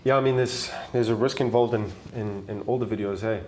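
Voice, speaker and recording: A young South African man who makes travel videos, speaking a bit fast in a fairly low voice with slight background noise. He's an interview guest casually telling stories, animated and acting out the voices of the people in them.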